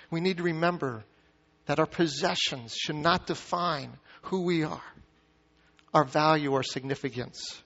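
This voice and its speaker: A man's voice: a little high, fairly bright tone. A man preaching a sermon as pastor, reading scripture aloud and asking the congregation questions. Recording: muffled sound with long hall reverb.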